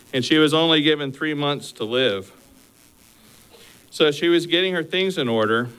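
A man's voice: medium pitch, a bit bright, clear, resonant tone, poor audio. A male preacher delivering a sermon with earnest exhortations, working through numbered points and then telling a story.

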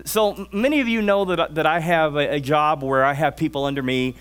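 A man preaching a sermon and telling stories, swinging from raised emphatic lines to hushed, drawn-out ones. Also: a little high, smooth. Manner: storytelling, drawn-out words for emphasis.

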